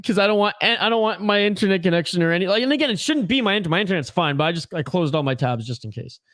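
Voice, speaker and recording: A man with a rather high voice chats casually on a livestream, joking and reading out comments from his viewers. The sound is dry and close, with no room echo. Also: lively intonation, fast talker, a bit bright. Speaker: host of a hockey watch-along livestream.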